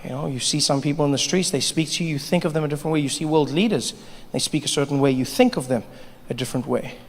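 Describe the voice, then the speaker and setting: A little high-voiced and quick, this South African stand-up comedian animatedly tells stories and slips into different voices. He's performing on a stage in a large hall, where the sound is reverberant with faint ambience.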